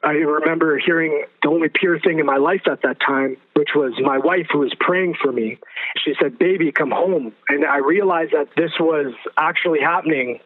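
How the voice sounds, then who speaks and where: A man gives an emotional personal testimony as an interview guest, earnest and vivid, repeating phrases to drive them home. His voice sits a little high for a man. The sound is thin and phone-like. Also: fairly even intonation, normal speed.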